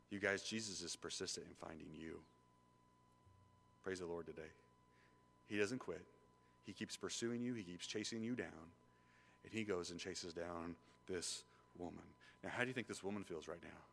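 Bright-voiced preacher man in a reverberant church. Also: low-pitched, normal speed, vocal fry, slight background noise. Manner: animated and conversational, swinging between loud emphasis and quiet intensity. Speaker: pastor. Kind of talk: sermon. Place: church sanctuary.

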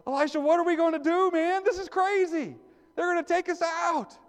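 A man voicing a terrified male servant who pleads frantically in a high, strained voice. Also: normal speed, big-room sound. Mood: panicked.

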